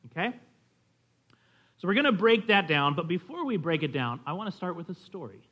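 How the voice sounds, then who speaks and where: A man teaching a church history class, his voice sitting a little high for a man. He keeps it conversational, telling stories and often checking that his listeners are following. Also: sing-song, a little fast, fairly bright tone. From California.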